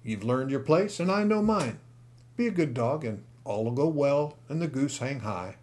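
A man's voice: medium pitch, lively intonation, measured pace, darkish tone, close to an everyday voice. A man voicing a folksy grown-man dog-breaker who speaks genially while making threats. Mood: genial menace.

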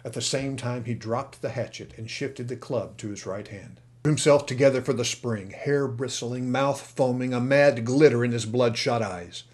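A man's voice: medium pitch, normal speed, few pauses. Man narrating an audiobook dramatically. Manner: dramatic, louder in action scenes.

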